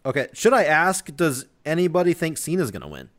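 A man's voice: on the high side, huge pitch swings, fairly quick. A man hosting a casual podcast, steering the talk and asking the others questions. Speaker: podcast host. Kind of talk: casual chat.

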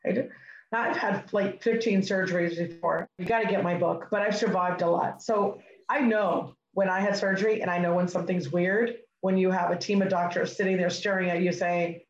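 Animated woman storyteller, echoey room. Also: lowish voice, brisk, lo-fi sound, slight background noise. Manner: animated, acts out dialogue. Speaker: interview guest. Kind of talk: personal storytelling.

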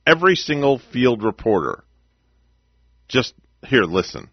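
A man's voice: mid-range voice, sing-song, a little slow, dry recording, dull audio. A man hosting a morning radio show, chatting casually with a rambling, easygoing manner. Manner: chatty, rambling, laughs along with clips.

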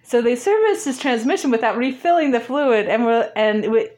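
A woman's voice: fairly high pitch, expressive, moderate pace, a little mellow. A woman guest in an interview, telling a story casually, laughing often and acting out bits of dialogue.

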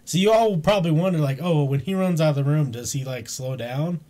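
A man's voice: fairly high pitch, quick pace, warm tone. A young man co-hosting a casual stream chat, playful and teasing, with slangy talk. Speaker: co-host.

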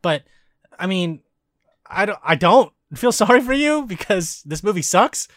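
A man chatting casually on a podcast, animated and swearing, who acts out quoted reactions. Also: sits high, a little slow, dry recording, studio quality.

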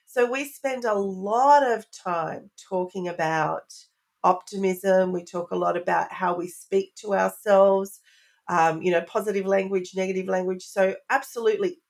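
A woman's voice: on the low side, vocal fry. A middle-aged woman, a parenting expert guest on a podcast, speaking earnestly in lists and repetitions. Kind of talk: podcast interview.

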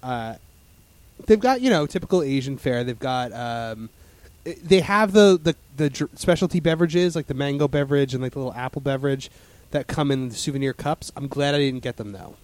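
A man's voice: medium pitch, lively intonation, fairly quick, a little mellow, dry recording. A man in casual chat as a podcast host, rambling with lots of fillers and restarts.

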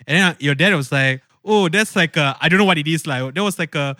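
A man's voice: fairly high pitch, fast talker, pushed and bright, no room sound, clean studio sound. A man with a Malaysian English accent, hosting a casual podcast chat and telling stories with enthusiasm. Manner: chatty, enthusiastic storytelling. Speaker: podcast host.

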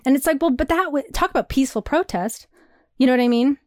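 A young woman co-hosting a casual chat, rambling and animated, laughing often and filling her talk with "like". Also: high-pitched, fast, no room sound, studio quality. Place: New York.

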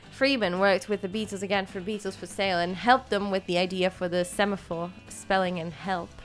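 A woman's voice: medium pitch, moderate pace, faint music behind. A woman hosting a podcast, mixing read-out notes with casual, hesitant chat that is full of fillers. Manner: chatty, hesitant, many fillers. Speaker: podcast host.

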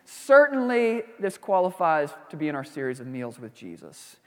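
A man's voice: on the high side, sing-song, normal speed, in a large hall. A man preaching a sermon as a pastor, reading scripture, praying and teaching in a conversational way with frequent asides.

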